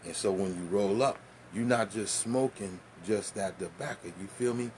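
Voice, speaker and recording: A man's voice: on the low side, normal speed, a little mellow, a little hiss or hum. A man telling a loose, profane, laughing story and showing how to roll tobacco. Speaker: vlogger. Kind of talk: casual storytelling and demonstration.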